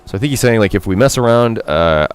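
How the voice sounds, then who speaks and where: A man streaming a game, translating its lines aloud as he goes, halting and thinking aloud with lots of fillers and some self-mockery. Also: lowish voice, animated, clear, resonant tone. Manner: chatty and self-mocking, reads out character lines.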